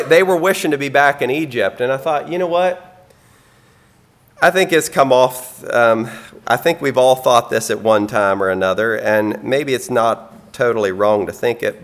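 A man preaching a sermon in an earnest, plain-spoken way, with frequent ums and some throat clearing. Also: mid-range voice, a bit bright.

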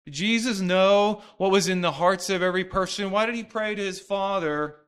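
A man's voice: high-pitched, moderate pace, fairly bright tone, clean tone. A man preaching a sermon, talking earnestly and conversationally and often restarting his sentences. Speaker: pastor.

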